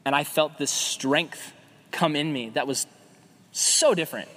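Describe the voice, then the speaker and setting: A young adult man preaching a casual sermon as a youth pastor, conversational and animated, acting out quoted voices. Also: on the high side, a little slow, a little hiss or hum. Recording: long hall reverb.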